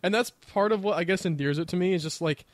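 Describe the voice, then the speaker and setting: A man's voice: high voice, fast talker, no room sound. A man co-hosting a podcast in casual chat, enthusiastic and rambling with lots of fillers. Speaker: podcast co-host.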